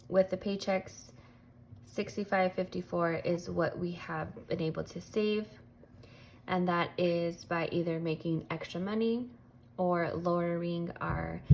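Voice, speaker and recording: A woman vlogging about her budget at home, explaining step by step in a casual way and counting cash aloud in a steady rhythm. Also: lowish voice, vocal fry, slight background noise, poor audio. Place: at home, kids awake nearby.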